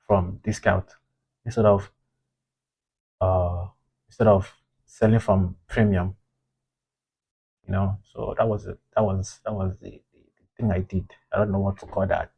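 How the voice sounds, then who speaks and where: A man's voice: deep voice, warm tone, slightly rough. A man reviewing his own trades in a casual, rambling way, frustrated and scolding himself for his mistakes.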